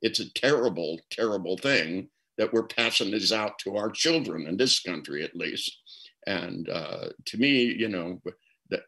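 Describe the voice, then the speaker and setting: A man's voice: fairly low pitch, pushed and bright, rough recording. An older man speaking as a guest therapist, telling reflective stories in an interview and often repeating words as he starts a thought. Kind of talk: storytelling interview answer.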